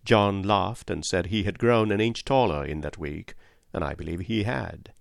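Low-voiced man reading a story. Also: moderate pace, vocal fry, no echo, clean studio sound. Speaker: audiobook narrator. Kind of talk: scripted narration.

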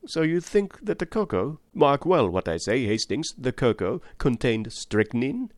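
A man's voice: mid-range voice, a little slow, dry recording. Guy reading doing a placid old belgian detective, french-ish accent, precise, super dry recording. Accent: put-on French-tinged. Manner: precise, placid, calmly probing. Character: fussy elderly male Belgian detective, calm. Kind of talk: audiobook reading.

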